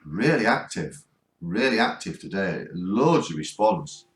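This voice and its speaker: Deep-voiced and sing-song at a measured pace, a northern English vlogger on a ghost hunt earnestly coaxes the spirits in a cold spot during a spirit box session. He keeps pleading for replies, and the sound is roomy.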